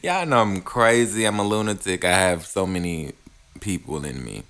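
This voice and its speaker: A man's voice: low voice, animated, a bit bright, clean tone. A young man hosting a casual solo podcast, rambling and playful. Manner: rambling, playful, drawn-out delivery. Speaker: podcast host.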